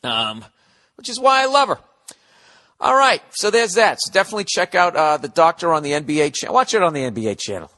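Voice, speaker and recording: Middle-aged guy ranting on his podcast, swears a lot, kinda high voice, sarcastic. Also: fast, hardly any pauses. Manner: profane, animated, sarcastic. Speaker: podcast host. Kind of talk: casual rambling monologue.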